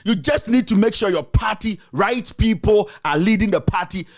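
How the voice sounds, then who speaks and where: A man giving impassioned political commentary, urgent and repetitive, rising at times to shouts. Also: sits high, animated, moderate pace.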